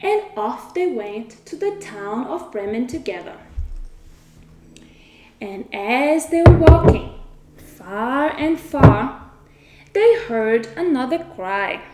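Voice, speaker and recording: A woman storyteller reads a children's tale very slowly and expressively. Her voice is high, mellow, and lively in pitch. The room around her is echoey. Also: background noise.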